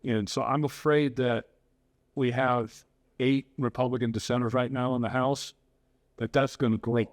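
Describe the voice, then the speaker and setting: A man's voice: medium pitch, fairly even intonation, moderate pace. A man hosting a podcast, talking earnestly and with strong opinions in casual political chat. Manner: earnest and opinionated, switches into Spanish to interview. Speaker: podcast host.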